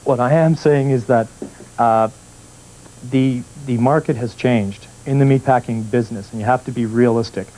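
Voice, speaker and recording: A man's voice: mid-range voice, moderate pace, dark tone, rough recording. A man guest on a news program, speaking in a plainspoken, hesitant way. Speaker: interview guest, plant worker. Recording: 1980s TV broadcast off tape.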